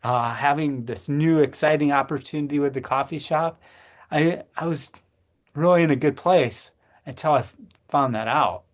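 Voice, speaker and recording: A middle-aged man co-hosting a podcast shares a personal story in casual conversation. His voice is fairly high, and he speaks earnestly but haltingly, restarting often.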